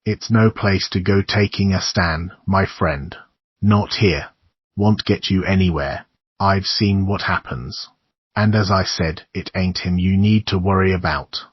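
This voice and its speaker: A man voicing a shabby older male neighbor who gives grim, conspiratorial warnings in a low husky voice. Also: unhurried, dry recording. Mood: ominous. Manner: conspiratorial warnings, keeps calling the listener son. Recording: dull lo-fi dry recording.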